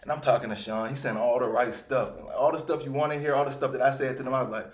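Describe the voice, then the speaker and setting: A man in his thirties talks through his career in an easygoing, rambling way, with his voice at an ordinary middle pitch. Now and then he breaks into lively, animated bursts as he tells his stories. The recording has a noticeable roomy echo. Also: racing. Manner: relaxed, rambling, with animated bursts when quoting himself. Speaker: retired football player, interview guest. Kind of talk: casual storytelling interview.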